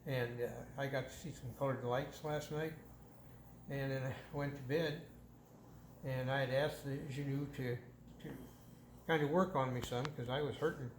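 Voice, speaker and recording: A man's voice: medium pitch, fairly even intonation, moderate pace, slight background noise. Plain-spoken grateful man, echoey. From Indiana, US. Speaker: camp attendee giving testimony. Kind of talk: personal testimonial.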